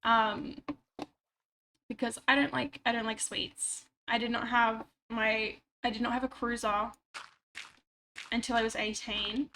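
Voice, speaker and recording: A woman talks casually into her desk mic as she plays, her voice a little higher than most and slightly stuffed up. She rambles and pokes fun at herself, with a faint hiss in the background. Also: fairly even intonation, measured pace, pauses often, sharp tone. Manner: chatty, rambling, self-mocking asides. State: stuffy nose. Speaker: livestreamer. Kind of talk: casual chat while gaming. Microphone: desk microphone.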